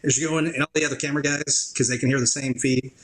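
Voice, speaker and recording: A man with a mid-range voice, a guest on a podcast, telling a work story in a casual way. He is an animated storyteller who acts out other people's reactions along the way. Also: mid-range voice, quick pace, rough recording. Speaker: guest, drone operator.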